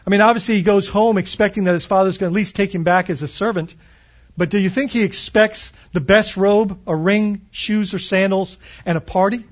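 A man's voice: high-pitched, fairly even intonation, fairly quick, lo-fi sound. A man preaching a morning sermon as pastor, reading scripture aloud and explaining it with questions to his listeners.

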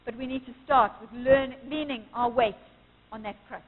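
A woman's voice: on the high side, fairly even intonation, normal speed, slightly rough. A woman preaching a sermon at a church service, earnest and emphatic, quoting scripture with rising force. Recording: tinny phone-like sound with long church reverb.

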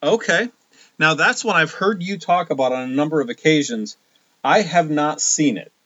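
A man's voice: on the high side, animated, normal speed, fairly bright tone, no room sound, muffled recording. A man co-hosting a casual podcast, joking and bantering about movies. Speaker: podcast co-host. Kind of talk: casual chat.

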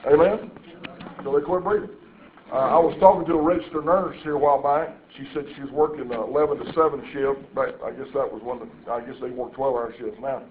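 A man's voice: mid-range voice, steady tone, brisk, a little hiss or hum. A man preaching a sermon and telling stories, with folksy asides to the congregation. His voice sits in the middle range. The sound is echoey and thin, like it came over a phone line.

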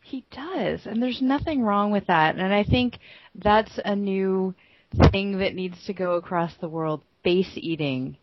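A woman's voice: medium pitch, a little slow, dry recording, highs cut off. A woman co-hosting a casual gaming podcast, bubbly and giggly, talking with enthusiasm. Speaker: podcast co-host. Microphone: home podcast microphone.

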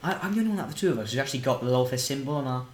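Speaking very fast with lively intonation, a mid-range English man jokes and rambles through gameplay as a podcast co-host. He stays in character, is silly and swears often. There's echo in the room and a faint background noise.

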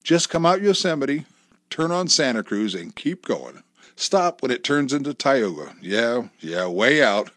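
Dude doing an eager scheming husband, bouncy upbeat talk, dry close sound. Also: male voice, mid-range voice, very animated, measured pace, fairly bright tone, no room sound.

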